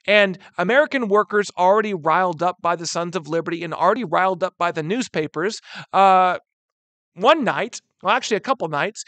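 A man teaching a history lesson in an animated way, who keeps calling his listeners "guys" and briefly acts out quotes. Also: high voice, no room sound. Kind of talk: recorded history lecture.

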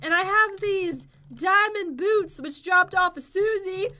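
A woman chats and giggles through a gameplay session with a playful manner. Her voice sits very high and bright, and she speaks slowly. A faint hiss of noise runs behind her. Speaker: gaming video co-host. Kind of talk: casual gameplay chat.

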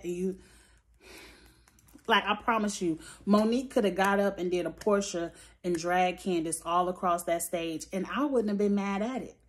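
This woman talks through a reality show recap like she's venting to a friend. She is blunt and swears freely, and her delivery stays animated throughout. Her voice sits at an ordinary mid pitch. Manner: blunt, profane, animated storytelling. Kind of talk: casual opinionated commentary.

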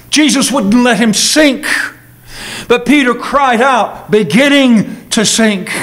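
A man preaching a sermon as a pastor, earnest, moving between quick asides and slow, emphatic phrases. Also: very high voice, a bit bright. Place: church sanctuary.

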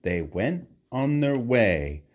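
A man's voice: mid-range voice, very noisy. A man reading a picture book aloud to a child. He does voices for the characters and stops to chat with the child about the pictures. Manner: slow, lively read-aloud, voices for the characters, chats with the child.

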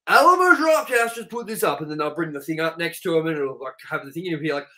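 A rowdy Australian man co-hosting a casual podcast, swearing freely and joking around. His voice is bright and forceful. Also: on the high side, expressive, fast, few pauses, poor audio. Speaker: podcast co-host.

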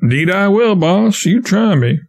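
Man voicing a frightened stowaway boy, pleading, rushed, slightly high voice. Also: lively intonation. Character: scared young stowaway boy, quick with a lie.

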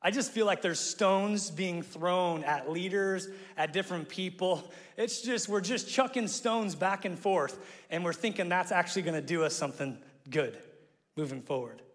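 A man from Omaha preaches from a church stage. His voice sits a bit higher than most men's, and the big room gives it a long, lingering reverb. He tells stories with playful self-mocking asides and shouts out the lines he quotes. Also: moderate pace. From Omaha, Nebraska, USA. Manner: animated storytelling, acts out quotes with sudden shouts. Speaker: pastor. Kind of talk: sermon. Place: church sanctuary. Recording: long reverb of a large hall.

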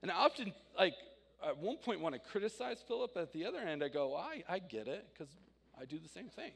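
A man in his thirties preaching a sermon, telling personal stories with animated swings from loud to quiet. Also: sits high, brisk, vocal fry, breathy edge. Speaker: pastor. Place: church sanctuary. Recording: reverberant church hall.

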